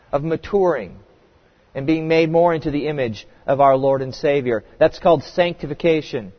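A male pastor preaches in a slightly raised voice, pressing his points home with emphatic rhetorical questions. His voice rings with long reverb through a church sanctuary. The recording sounds a little muffled. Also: a little high. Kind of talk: sermon.

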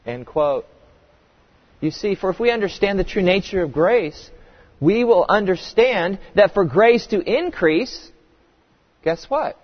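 A man's voice: a little high, expressive, measured pace, long reverb tail, lo-fi sound. A man preaching an expository sermon, asking emphatic rhetorical questions. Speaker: pastor.

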